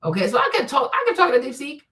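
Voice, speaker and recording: A woman's voice: high voice, wildly swooping pitch, quick pace, a bit bright, recorded from a distance. A woman hosting a casual vlog, giving blunt opinions emphatically and with lots of swearing. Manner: emphatic and profane, repeats "okay?" and "right?". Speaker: vlog host.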